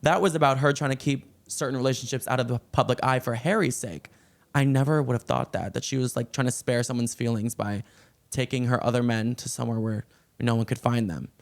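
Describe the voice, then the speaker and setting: Gushing pop culture vlogger with vocal fry. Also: male voice, medium pitch, steady tone, fairly quick. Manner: breathless, gushing, reads song lyrics aloud. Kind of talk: excited celebrity gossip vlog.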